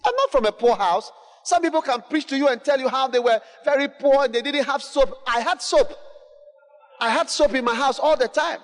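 Man, high-pitched, preaching with fervour, repeats and shouts, echoing hall. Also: brisk. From Ghana. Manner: emphatic, repetitive, building to shouts, call-and-response. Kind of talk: sermon. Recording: long hall reverb.

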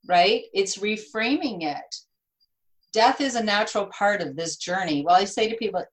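A woman's voice: mid-range voice, moderate pace, poor audio. Chatty middle-aged woman storyteller. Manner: chatty, animated storytelling with laughs. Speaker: author. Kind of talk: casual conversation.

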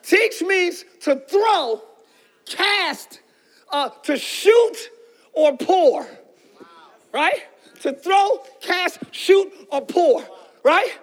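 A male pastor preaching a sermon with fervent energy, often shouting and calling out to the congregation. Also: extremely high pitch, lively intonation, extremely slow.

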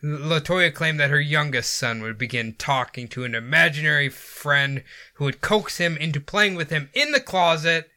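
A man's voice: fairly high pitch, normal speed, sharp tone. A man hosting a podcast, casually telling a spooky story and laughing often. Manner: jokey, laughs often between lines.

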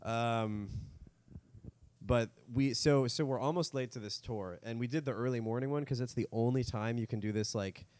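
A man co-hosting a podcast, telling a rambling story in casual chat, laughing often and dropping into quick mock voices. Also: medium pitch, a little mellow. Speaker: podcast co-host.

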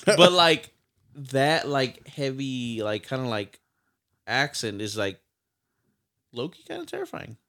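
Male podcast co-host, mid-pitched voice, rambling casual chat full of fillers. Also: sing-song, slow pace, long pauses, fairly bright tone. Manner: rambling, heavy use of fillers.

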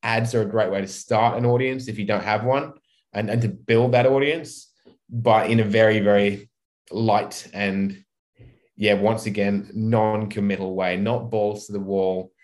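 A man, a marketing expert and guest on a podcast, talking in a relaxed, rambling way and acting out quoted speech. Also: lowish voice, unhurried. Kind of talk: casual podcast chat.

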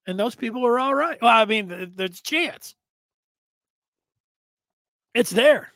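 A man hosting a sports talk show, rambling in a casual monologue with sudden loud bursts. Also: high-pitched, moderate pace, dry recording.

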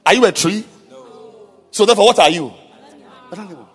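A man preaching a sermon to a congregation, firing rhetorical questions at them, quizzing them and breaking into shouts and sing-song emphasis. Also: sits high, brisk, breathy edge. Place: church with congregation.

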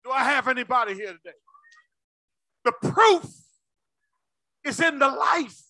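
A male pastor preaching a sermon with call-and-response, swinging between shouts and low asides. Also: lively intonation, quick pace, gravelly, dry recording.

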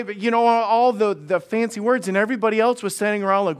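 A male pastor preaches in a loose, conversational way, his voice sitting a bit high. He restarts and repeats phrases as he goes and mixes humorous stories into the sermon. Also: fairly even intonation, fairly quick, hardly any pauses, clean tone. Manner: conversational, frequent restarts and repetitions; humorous storytelling.

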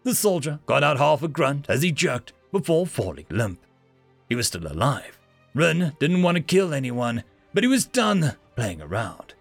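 A man's voice: medium pitch, sing-song, normal speed, vocal fry, slightly rough, no room sound, soft background music. A man narrating an audiobook expressively, giving each character a voice.

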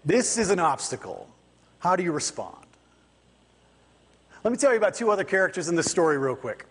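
A man gives a sermon in a loose, chatty storytelling style, acting out the people in his story as he goes. His voice sits a little high and has a husky edge. A long church reverb trails behind each phrase. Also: fairly quick. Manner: conversational, animated storytelling with quoted voices. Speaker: pastor. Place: church sanctuary.

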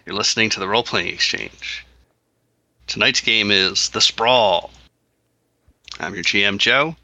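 A man hosting a tabletop role-playing podcast as the game master, relaxed and easygoing. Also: on the low side, measured pace, dry recording.

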